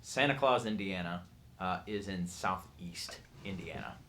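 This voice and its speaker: A man narrating as game master, explaining things in a relaxed way with frequent fillers. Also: low voice, a little slow, slight background noise.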